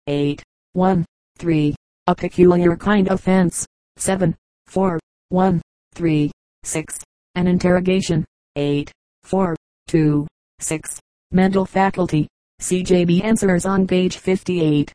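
A woman reading an audiobook in steady, measured scripted narration. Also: fairly low pitch, no room sound, rough recording. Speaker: audiobook reader.

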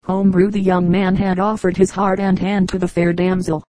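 Lady reading joke stories for an audiobook, low mellow voice, dry close sound. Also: no room sound, low-quality recording. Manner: even, measured reading. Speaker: audiobook reader. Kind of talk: scripted narration of humorous anecdotes.

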